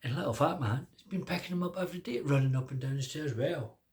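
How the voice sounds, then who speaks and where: An older man telling a children's story aloud, lively, drawing words out and pausing for effect. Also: a little high.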